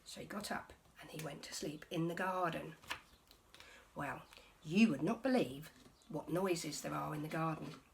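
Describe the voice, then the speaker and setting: A woman teacher reading a picture book aloud to her class, expressive, with soft whispered passages. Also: deep voice, unhurried, vocal fry, a little hiss or hum.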